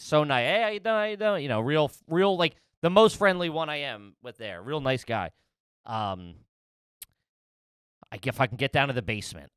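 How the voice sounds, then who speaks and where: A man's voice: medium pitch, fairly bright tone, clean tone, dry recording, studio quality. A man co-hosting a podcast, telling a rambling comedic story full of swearing and laughs. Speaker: podcast co-host.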